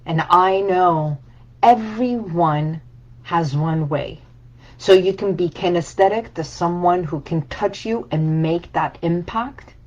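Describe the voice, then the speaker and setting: A woman's voice: fairly low pitch, darkish tone, dull audio. A woman coach giving a reflective, emotional personal talk about letting go, speaking in short repeated phrases. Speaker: healing coach.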